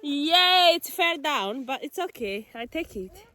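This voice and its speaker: A young woman with a Rwandan accent, whose first language is Kinyarwanda, talks into a phone camera outdoors in the snow. Her voice sits high and leaps about as she cheers her son on, and a faint hiss of background noise runs under it. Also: slow pace. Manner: animated, coaxing, mixes English with Kinyarwanda, laughs often. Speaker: vlogger filming with her son. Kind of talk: casual outdoor vlog.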